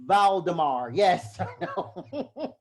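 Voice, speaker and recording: A man giving a casual lecture to a live class on heraldry, chatty and self-deprecating, quick to laugh at himself. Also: high-pitched, sing-song.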